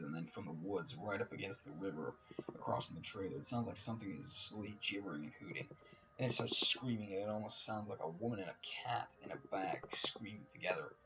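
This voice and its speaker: A man with a fairly low voice reads a horror story aloud, telling it casually and with plenty of swearing. He often sinks into a hushed whisper for the scary parts, with a faint hiss of noise behind him. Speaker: narrator.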